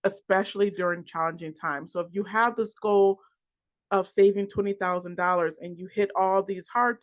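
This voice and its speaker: A financial coach giving a class lecture, working through a list of points in a halting way with restarts and repeated words. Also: mid-range voice. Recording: dull lo-fi recording.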